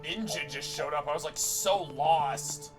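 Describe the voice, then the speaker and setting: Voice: mid-range voice, unhurried, music in the background. A streamer playing a game live, chatting casually and teasing with dry jokes.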